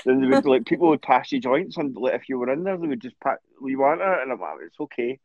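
A man's voice: medium pitch, fast, no room sound. A Scottish man from Greenock telling blunt anecdotes as a co-host. His voice comes through a dull, lo-fi mic with a dry, close sound. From Scotland. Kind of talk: casual podcast chat.

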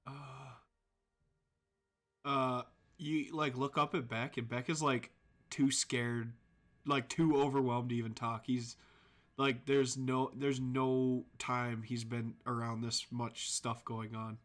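A man describing a scene in a tabletop game, halting and full of filler words. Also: mid-range voice, little pitch movement, fairly bright tone. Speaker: player. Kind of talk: casual tabletop game narration.

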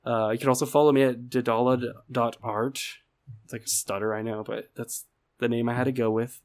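A man's voice: medium pitch, flat delivery, a little fast. A man co-hosting a podcast in casual chat, joking and swearing loosely. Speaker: podcast co-host.

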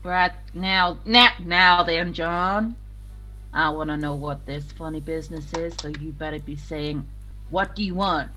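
A bright-voiced player in a tabletop game talks slowly, thinking aloud about what her character does and laughing along. Faint music sits behind her. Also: medium pitch, fairly even intonation.

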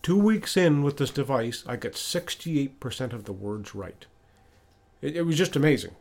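A man hosts a podcast and tells a personal story in a relaxed, unscripted way. He retells conversations as he goes, stumbling into restarts and repeated words. His voice sits at an ordinary middle pitch for a man. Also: normal speed, vocal fry. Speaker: podcast host. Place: lives in Ottawa.

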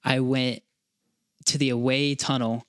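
Rambling, excitable young man podcasting. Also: medium pitch, unhurried, dry recording, studio quality. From North Carolina, USA. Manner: rambling, excitable, many restarts and fillers. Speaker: podcast co-host. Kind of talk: casual chat.

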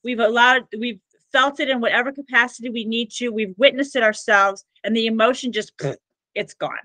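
A woman's voice: on the high side, fairly even intonation, moderate pace, sharp tone, dry recording, low-quality recording. A woman who works as a spiritual healer, telling stories as a podcast guest in an earnest, rambling way full of "like" fillers. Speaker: Akashic records practitioner and healer, podcast guest. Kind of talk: conversational podcast storytelling.

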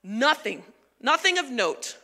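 Woman pastor, high voice, very bright tone, lively conversational sermon, long hall reverb. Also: slow. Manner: animated, emphatic, conversational.

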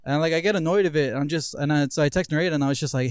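A young man with a somewhat high-pitched voice tells a long story on a podcast. His talk is loose and profane, padded with "like" all the way through. The sound is dry and close to the mic. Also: rapid-fire, hardly any pauses, clean tone, no room sound. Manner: loose, profane, heavy use of filler "like". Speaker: podcast host. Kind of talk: casual storytelling chat.

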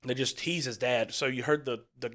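A man hosting a casual movie reaction chat, talking in a rambling, halting way with lots of fillers and restarts. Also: mid-range voice, steady tone, fairly bright tone. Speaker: host leading a movie reaction.

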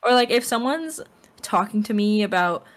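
A woman's voice: mid-range voice, animated, moderate pace. A young woman co-hosting a laid-back chat podcast. She rambles with plenty of fillers and breaks into giggles as she talks. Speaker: podcast co-host. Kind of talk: casual chat.

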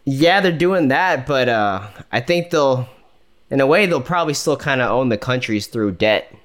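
A man's voice: mid-range voice, lively intonation, moderate pace, fairly bright tone. A man co-hosting a casual podcast, talking tentatively and hedging with lots of "like" and "you know". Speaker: podcast co-host.

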